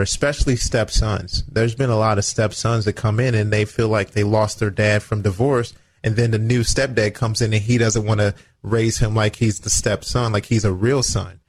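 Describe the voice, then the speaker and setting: A man's voice: on the low side, steady tone, moderate pace, hardly any pauses. A man co-hosting a radio talk show, speaking earnestly about faith, family and leadership, with a preachy tone. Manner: earnest, preachy, acts out little quoted exchanges. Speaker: radio show co-host, former football player.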